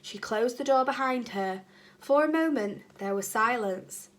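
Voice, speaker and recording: A woman's voice: on the high side, animated, unhurried. A woman, a primary school teacher, reading a children's book aloud with chatty asides to the children.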